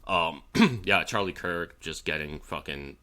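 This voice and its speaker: A man co-hosting a podcast, talking casually about politics in a halting, blunt way with many fillers and swearing. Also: low-pitched, bright, forceful tone. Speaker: podcast co-host.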